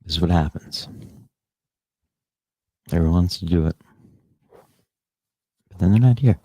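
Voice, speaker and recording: A man's voice: low-pitched, measured pace, mellow, dry recording. A podcast host on a casual live stream, rambling and swearing as he talks back to the chat comments.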